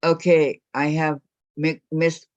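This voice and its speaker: A woman's voice: sits low, level tone, slow, darkish tone, no room sound, dull audio. An older woman hosting a quilting live stream on a video call, chatting casually, teasing her guests and reading viewer comments aloud.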